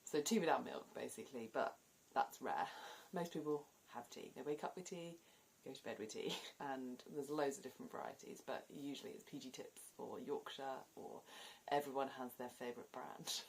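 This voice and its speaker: A woman from southern England with a deep, low-set voice talks casually to her viewers in a relaxed vlog. Her southern English accent is plain throughout. She keeps things chatty and often laughs between her points. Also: normal speed, vocal fry, slight background noise. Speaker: vlogger.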